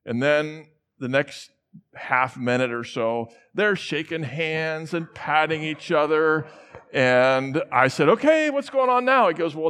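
His voice is a little high and a bit bright as this middle-aged central American man preaches in a large church. The sermon is built from personal stories told casually, with him acting out the voices of the people he quotes.

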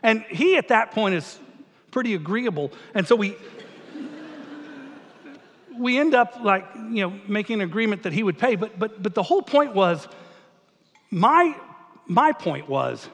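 Man, pastor, storytelling sermon, lively swooping pitch, long hall reverb. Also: unhurried, pauses often. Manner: animated, acts out dialogue, laughs at own story.

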